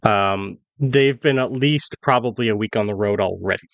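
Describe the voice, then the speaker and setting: A man running a tabletop role-playing game, describing the scene in a casual, relaxed way with fillers. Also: fairly low pitch, moderate pace, gravelly, no echo, muffled recording. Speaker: game master.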